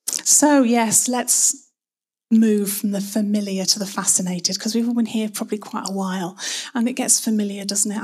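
A woman giving a soft, reflective sermon in a church, dwelling slowly on each word of a verse. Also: mid-range voice, breathy edge. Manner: soft, reflective, lingers on words. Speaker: church speaker. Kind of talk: sermon with prayer.

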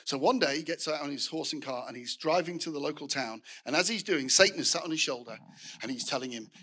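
Man, middle-aged, preaching, high voice, storytelling with restarts. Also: fast talker, pushed and bright, husky. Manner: storytelling with frequent restarts and asides to the congregation. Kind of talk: sermon.

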